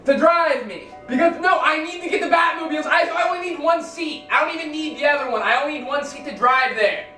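An actor playing a defiant, hot-tempered eighteen-year-old Batman fan who yells and whines in sudden outbursts. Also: very high-pitched, fast, soft background music. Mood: pleading. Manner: shouting, whiny, defiant outbursts. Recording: roomy, from a distant camera.

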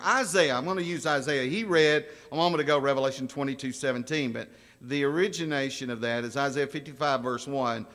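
Folksy preacher in a reverberant church. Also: male voice, mid-range voice, fairly quick, a bit bright. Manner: folksy storytelling, asks the congregation questions. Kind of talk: sermon. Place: church sanctuary. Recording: long church hall reverb.

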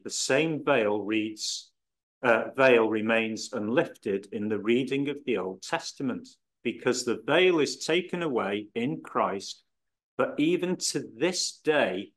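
A man explaining scripture in a measured teaching style, stressing key words as he goes. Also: mid-range voice, a bit bright. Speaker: Bible teacher.

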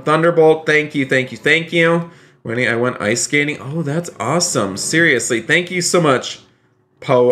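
A man streaming a game live, chatting upbeat and effusively and thanking his viewers by name, with sudden excited high exclamations.

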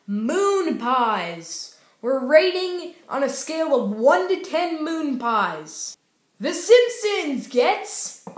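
Young woman doing silly tv reviews, slow and playful, roomy echo. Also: sits high, fairly bright tone. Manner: goofy, playful, bursts into sing-song cheers. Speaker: YouTube TV show reviewer. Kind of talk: casual vlog review.

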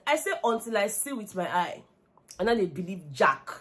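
Animated Nigerian woman vlogger. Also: mid-range voice, brisk. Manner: animated, gossipy, mixes in Pidgin. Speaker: reality show commentator. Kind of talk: casual vlog commentary.

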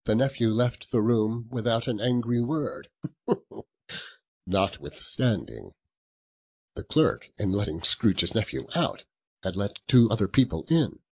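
A man narrating a storybook in a slow, expressive, chuckling way. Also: fairly low pitch, husky. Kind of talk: audiobook narration.

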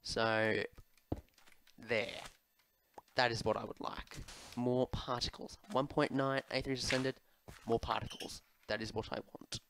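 Slow, rambling man chatting over gameplay. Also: mid-range voice, steady tone, creaky, background noise. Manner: rambling and chatty, with many fillers, asides to his pet. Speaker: Minecraft YouTuber. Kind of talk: casual gameplay commentary answering viewer questions. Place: home room at his desk.

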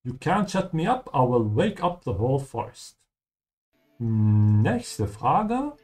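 A man's voice: medium pitch, big pitch swings, a little mellow. Male language teacher, patient, explanatory, playthrough lesson. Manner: patient, explanatory, repeats words slowly.

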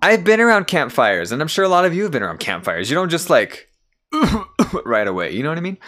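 A man's voice: fairly high pitch, sing-song, a little fast, fairly bright tone. A young man giving profane, sarcastic let's-play commentary while gaming. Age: young adult. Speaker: gamer.

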